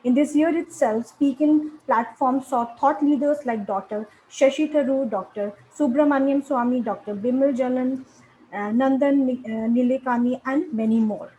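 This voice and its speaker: A woman's voice: high-pitched, moderate pace, warm tone, slight background noise, rough recording. A woman host, formally reading a guest introduction over a video call. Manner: formal, reads an introduction, polite.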